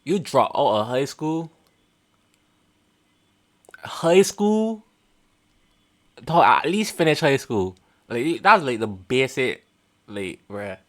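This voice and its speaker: A man's voice: medium pitch, lively intonation, measured pace. A young man hosting a reaction video, mocking and blunt in casual commentary, often laughing at what he watches.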